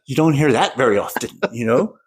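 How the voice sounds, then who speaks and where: A man co-hosting a podcast, telling stories in a casual, animated way and swearing freely. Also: mid-range voice, fairly quick. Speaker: podcast co-host. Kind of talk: casual chat.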